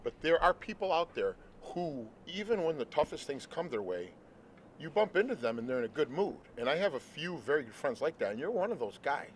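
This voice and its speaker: Outdoors at a ballpark, a man in his forties hosts a casual interview, speaking earnestly and rambling with many restarts. His fairly high voice is sing-song and brisk, with a little hiss or hum in the recording.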